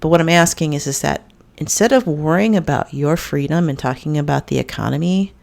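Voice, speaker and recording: A woman's voice: low-pitched, a little fast, vocal fry, a little mellow. A woman hosting a podcast, telling a story in a blunt, profane, conversational way. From United States. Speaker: podcast host. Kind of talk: casual monologue.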